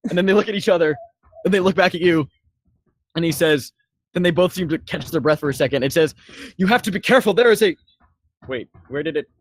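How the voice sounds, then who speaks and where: A man narrating as dungeon master, halting with many fillers and restarts. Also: on the high side. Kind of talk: narrating a tabletop game.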